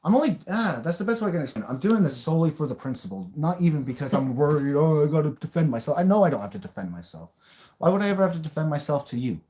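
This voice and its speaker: A man's voice: fairly high pitch, very animated, very fast, a little mellow. A man hosting a live stream, talking bluntly, ranting at times and swearing freely. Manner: blunt, rants and raves, swears. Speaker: livestream host. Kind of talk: live-stream reaction chat.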